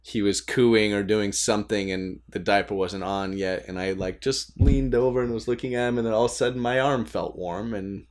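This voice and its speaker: Man, lowish voice, candid and self-deprecating, laughs easily, casual podcast talk from a home desk. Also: moderate pace, hardly any pauses. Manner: candid, joking, laughs often, mild swearing. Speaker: podcast co-host, new father. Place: home desk, recording remotely.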